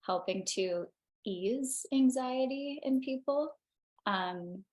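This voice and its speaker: A young adult woman, an actor being interviewed, answering casually and hesitantly with many restarts and fillers. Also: mid-range voice. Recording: roomy echo.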